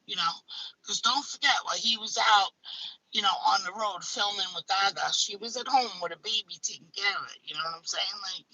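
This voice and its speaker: A woman with a very bright, husky voice talks in an unscripted, casual way. She is blunt and emphatic and swears freely. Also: medium pitch, a little fast, low-quality recording. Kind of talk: casual chat.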